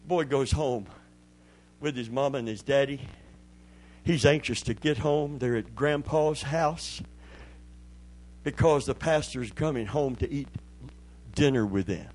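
A man's voice: medium pitch, measured pace, pauses often, a little mellow, rough recording. A man preaching a sermon as pastor, telling folksy stories with call-and-response asides.

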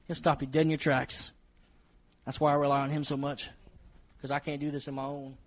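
A man's voice: mid-range voice, flat delivery, fairly quick, slight background noise. A man preaching a sermon to his congregation, emphatic and repeating his phrases as he speaks straight to them. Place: church service with congregation. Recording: dull lo-fi recording.

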